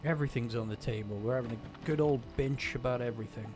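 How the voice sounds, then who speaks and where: A man's voice: mid-range voice, fast talker, over music. A man on a stream, chatting casually and ranting wryly about everyday gripes. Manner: ranting, wry. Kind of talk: casual chat.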